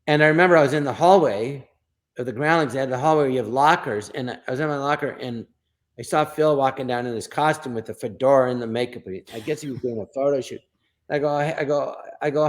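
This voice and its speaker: Guy comedian telling stories, jumps into voices for quotes, mid pitch. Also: fast talker. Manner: acts out quoted voices in animated bursts. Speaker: guest comedian. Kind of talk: storytelling anecdotes.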